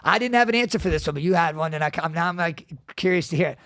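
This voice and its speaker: A young man co-hosts a casual podcast with his father. His voice is higher than most, with a gravelly edge. He sounds dry and close, with no room around him. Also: rapid-fire, no echo. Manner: animated storyteller, swears freely, acts out quotes. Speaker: podcast co-host. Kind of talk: casual family chat.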